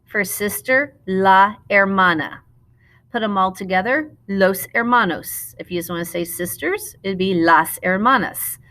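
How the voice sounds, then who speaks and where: A Spanish teacher narrates a recorded classroom lesson, her medium-pitched voice sharp in tone but patient and explanatory. She slows down whenever she models the Spanish words.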